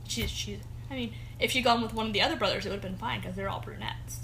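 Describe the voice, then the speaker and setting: A woman co-hosting a casual chat podcast, playful and joking with quick asides. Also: mid-range voice, creaky, fairly bright tone, slight background noise. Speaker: podcast co-host. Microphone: home audio equipment.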